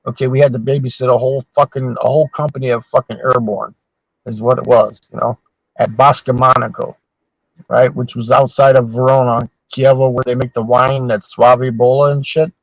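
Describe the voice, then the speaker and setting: A man's voice: mid-range voice, flat delivery, fairly quick, no echo. A man in his sixties telling long, swear-filled anecdotes in casual chat as a podcast host. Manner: profane, rambling anecdotes. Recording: dull, dry sound.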